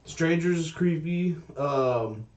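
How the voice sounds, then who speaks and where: Swearing, animated male podcast storyteller. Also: on the high side, slow, distant mic, muffled recording. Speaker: podcast co-host. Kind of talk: casual chat.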